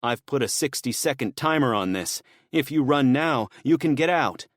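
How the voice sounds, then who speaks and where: A man's voice: medium pitch, lively intonation, moderate pace, dry recording, studio quality, voice pushed up, natural voice. A man voicing a younger male hired killer, cold and matter-of-fact.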